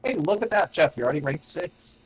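A man's voice: on the high side, animated, a little fast, breathy edge. A man chatting while playing a game, throwing crude sarcastic jabs. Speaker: streamer. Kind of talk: casual gaming banter. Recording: game gunfire behind.

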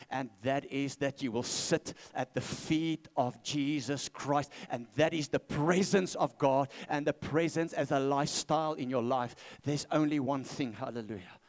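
Emphatic man preaching. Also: mid-range voice. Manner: emphatic, repeats key phrases, asks the congregation to respond. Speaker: pastor. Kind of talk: sermon. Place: church.

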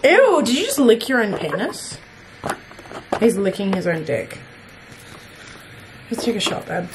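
A young Australian woman vlogging in loud, teasing, tipsy banter with a friend. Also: medium pitch, wildly swooping pitch, a little slow, background noise. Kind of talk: casual chat on video calls.

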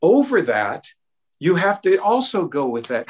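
A middle-aged man answering a question at a town hall, earnest and animated, giving parenting advice with personal stories. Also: fairly high pitch, a little slow, husky. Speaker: mental health expert.

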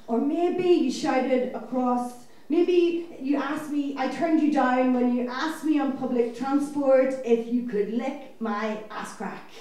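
A woman performs spoken word poetry on a club stage, wry and punchy with bursts of laughter. Her voice is high and her delivery unhurried. The recording is distant and awash in room echo. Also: dark tone. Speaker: feature poet. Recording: echoey club heard from afar.

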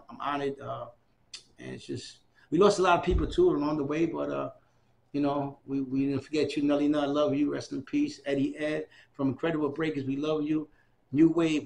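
Gravelly fifty-something guy, hyped and rambly in an interview, kinda high voice, faint hiss behind. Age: 50s. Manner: excitable, repetitive, full of shout-outs. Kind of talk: oral history interview.

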